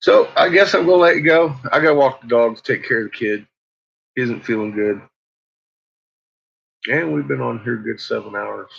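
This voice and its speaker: A man's voice: medium pitch, normal speed, gravelly, pauses often, fairly bright tone. A man chatting casually as a vlog host, laughing often as he talks about his dogs. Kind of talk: casual chat. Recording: dull lo-fi recording.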